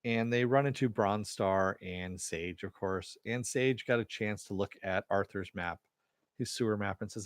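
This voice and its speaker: Man reviewing a TV episode: low voice, dry close sound, loose filler-heavy retelling. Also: moderate pace, no room sound. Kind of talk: casual episode recap.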